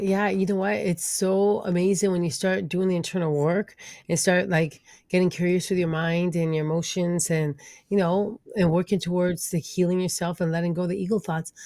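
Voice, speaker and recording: A woman guest on a podcast who speaks with an accent, expressive and lively, acting out the voices in her head. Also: fairly low pitch, no echo. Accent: non-native accent. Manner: expressive, acts out inner voices. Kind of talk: casual podcast conversation.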